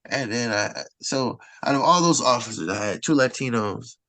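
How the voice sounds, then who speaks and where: A man's voice: mid-range voice, animated, normal speed, bright, forceful tone, dry recording. A man, a stand-up comedian guest, telling a long story in casual conversation in an indignant, rambling way. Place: Los Angeles.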